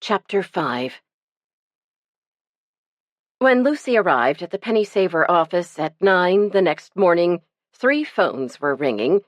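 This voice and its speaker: A woman narrating an audiobook in an expressive storytelling manner. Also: lowish voice, takes it slowly, long pauses, dry recording, lo-fi sound. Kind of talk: scripted narration.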